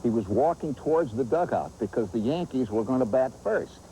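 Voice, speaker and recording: Animated man spinning a humorous yarn. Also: medium pitch, fairly quick, a little hiss or hum, poor audio. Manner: animated, nostalgic yarn-spinning with vivid asides. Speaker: host and storyteller. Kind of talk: humorous storytelling.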